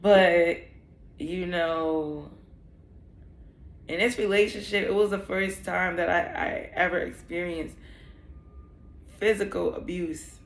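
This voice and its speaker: A woman's voice: fairly low pitch, gravelly, echoey room. A young woman telling a personal story in a vlog, candid and emotional, rambling with many fillers. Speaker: vlogger.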